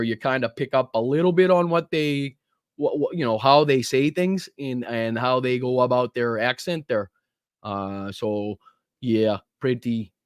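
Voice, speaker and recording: Man, Boston accent, podcast host, energetic shout-outs, dry close sound. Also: medium pitch, no room sound. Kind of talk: livestream chat with viewers.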